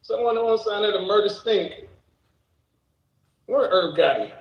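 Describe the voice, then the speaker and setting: A man's voice: sits high, moderate pace, roomy sound, dull audio. A man hosting a casual reaction stream, joking around, cursing and laughing often. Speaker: streamer host.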